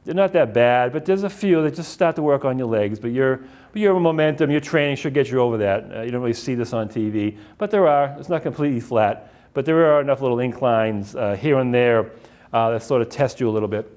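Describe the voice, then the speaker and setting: A middle-aged man tells running stories in a loose, rambling way. He talks at an ordinary pitch, stopping now and then to restart a sentence, and often drops in "uh" and "um" as he goes. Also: fairly quick, darkish tone. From Boston area. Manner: rambling, anecdotal, many fillers and restarts. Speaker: author giving a library talk. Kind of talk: casual slideshow talk.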